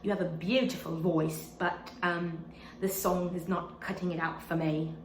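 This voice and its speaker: A woman voicing a talent show judge who politely turns a singer down in a soft, apologetic manner. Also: fairly low pitch, flat delivery, moderate pace, roomy sound, slight background noise, pitched below the performer's own voice, natural voice, poor audio.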